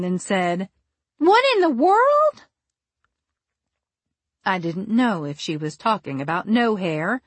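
Female narrator, first-person comic story, unhurried and wry, dry close booth sound. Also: medium pitch, dry recording. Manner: measured, wry and deliberate. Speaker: audiobook narrator.

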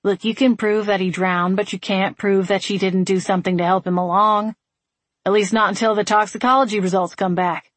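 A woman reading as a by-the-book male sheriff in an audiobook, doubtful and matter-of-fact, in a steady mid-pitched voice. The recording is close and dry. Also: a little fast, no echo, lightly acted. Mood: skeptical. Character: skeptical, stiff new male sheriff.

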